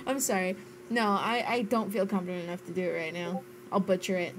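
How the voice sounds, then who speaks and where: A woman's voice: lowish voice, fairly quick, noisy background. A young American woman streaming a game, chatting casually with friends, giggling and swearing playfully. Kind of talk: casual chat while gaming.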